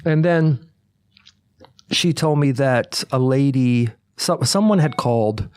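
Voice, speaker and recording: A man's voice: medium pitch, slow, a little mellow, clean tone, no echo, clean studio sound. A young adult man co-hosting a podcast, telling a story in casual chat, acting out the voices and swearing freely. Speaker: podcast co-host.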